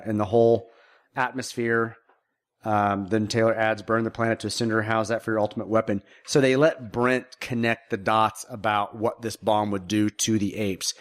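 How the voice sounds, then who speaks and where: A man co-hosting a podcast, chatting casually about a movie in an animated way and often repeating words as he starts a thought. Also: lowish voice. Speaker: podcast co-host.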